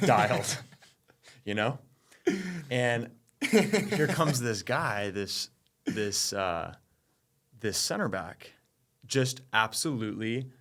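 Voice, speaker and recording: An enthusiastic man co-hosting a podcast, speaking with a low voice in a relaxed, chatty way. He keeps adding little "you know" tags as he goes. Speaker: podcast co-host. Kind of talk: casual chat.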